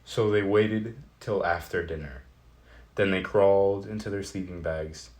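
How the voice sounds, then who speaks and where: Man, very deep voice, slow unhurried pace, children's picture book narrator. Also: darkish tone. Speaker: storybook narrator.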